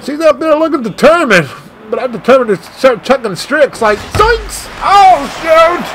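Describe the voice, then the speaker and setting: Man, gaming host, very high voice, gravelly, swooping pitch, excitable play-by-play, shouts then mutters. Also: fairly quick, very noisy. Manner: excitable, swinging between shouts and dejected muttering; mild swearing, "freaking" and "dang it" catchphrases. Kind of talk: live play-by-play of his own video game.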